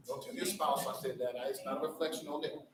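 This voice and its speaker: Talking fast in a steady, mid-range voice, a man from the school district leadership rallies staff with a motivational speech, peppering the crowd with rhetorical questions. The audio comes from a distance in a big, echoing hall, with faint background noise.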